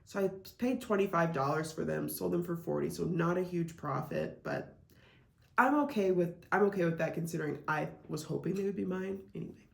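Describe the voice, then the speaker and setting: A reselling vlogger from Iowa, United States, chats casually in a lowish, slightly fast voice with vocal fry, peppering her talk with "like" and "um." The recording has the echo of a reverberant room.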